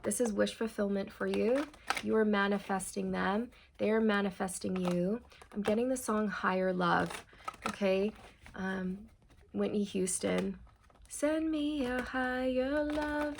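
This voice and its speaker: A woman reads tarot cards and passes on channeled messages to her viewers. Her voice is mid-pitched with a gravelly fry. She talks in a loose, meandering way and keeps reassuring her listeners. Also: steady tone, unhurried, a little hiss or hum. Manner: meandering, reassuring, addresses viewers as you guys. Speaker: tarot reader.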